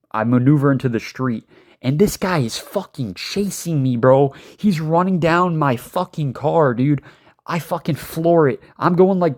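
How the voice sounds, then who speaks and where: Man, mid-pitched, casual storytime, loose and rambling, drops swear words and fillers.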